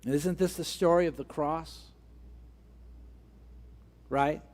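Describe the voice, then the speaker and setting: A man's voice: a little high, steady tone, takes it slowly, darkish tone. A man preaching a sermon as pastor, driving his point home with repeated rhetorical questions and building emphasis.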